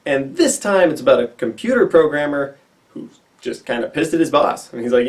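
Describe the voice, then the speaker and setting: Male vlogger, raised pitch, animated casual film review, mic slightly off. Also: recorded from a distance. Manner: animated, quick asides and acted-out quotes. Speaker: movie reviewer. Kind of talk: casual movie review to camera. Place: indoors before a white backdrop.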